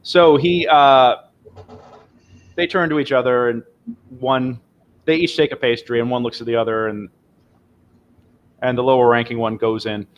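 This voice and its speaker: A man's voice: mid-range voice, steady tone, moderate pace, long pauses, lo-fi sound. A man running a tabletop game as game master, rambling and restarting his sentences often.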